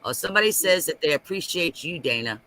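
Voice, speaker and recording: A man talking on a casual live stream, animated and ranting, repeating himself as he makes his point. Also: on the high side, quick pace, poor audio.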